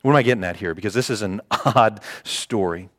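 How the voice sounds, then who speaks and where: A man preaching a sermon, retelling scripture with playful mock dialogue and animated asides. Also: fairly low pitch, brisk, in a large hall. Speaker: pastor.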